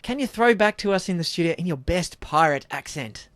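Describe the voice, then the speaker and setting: An Australian man co-hosting community radio, cheery and quick to laugh while asking questions. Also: high voice, lively intonation, a bit bright, a little hiss or hum. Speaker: radio co-host. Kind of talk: playful community radio chat.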